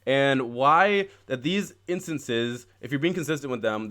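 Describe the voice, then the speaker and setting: A man's voice: medium pitch, a bit bright. A man hosting a political talk stream, reading passages aloud and then ranting with heated, profane outrage. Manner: heated, profane, growing angrier; reads quoted text aloud, then riffs. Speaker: political podcast host.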